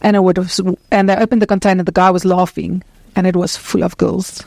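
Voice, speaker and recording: A woman speaking on a conference stage as the founder of an anti-trafficking charity. She talks passionately and earnestly, in quick bursts with many restarts. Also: lowish voice, level tone, creaky, darkish tone, no echo. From South Africa.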